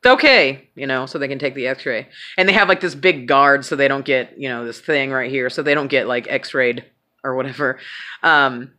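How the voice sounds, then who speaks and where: A woman's voice: extremely low pitch, steady tone, normal speed, bright, forceful tone. A woman telling a personal story in a casual, candid way, swearing freely and joking at her own expense. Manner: candid, swears freely, self-mocking humor. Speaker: vlogger.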